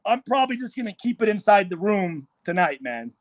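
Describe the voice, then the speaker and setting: Animated, profane ex-player telling stories. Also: male voice, high-pitched, brisk, dry recording. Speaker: former NFL player guest. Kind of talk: casual storytelling chat. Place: hotel room.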